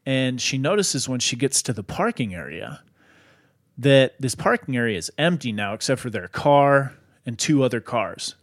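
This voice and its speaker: Male podcast host, conversational storyteller, lively, loose delivery. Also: mid-range voice, moderate pace. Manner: animated, lots of "like" fillers. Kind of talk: casual storytelling.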